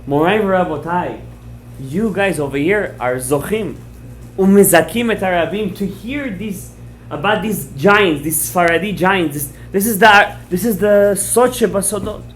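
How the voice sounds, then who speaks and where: A fairly high-pitched man teaches a Torah class, his voice rising and dropping as he acts out a story. He checks words with his listeners and mixes Hebrew terms into his speech. A faint hiss sits under the voice. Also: unhurried. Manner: animated storyteller, acts out quoted lines, checks words with the audience.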